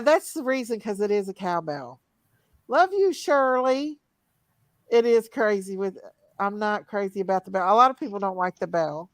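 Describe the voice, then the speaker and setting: A woman's voice: mid-range voice, a bit bright, dry recording. A woman hosting a casual late-night livestream chat, chatty and laughing often, with a drawling country way of talking. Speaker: channel host.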